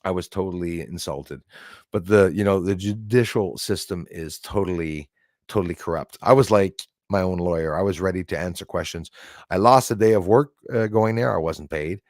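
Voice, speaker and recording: A deep-voiced Canadian man talks straight into a close, dry mic with no room sound. He drifts from one story to the next, circling back, restarting sentences and tossing in asides as he goes. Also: moderate pace, darkish tone, no room sound. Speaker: livestream host. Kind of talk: rambling casual monologue.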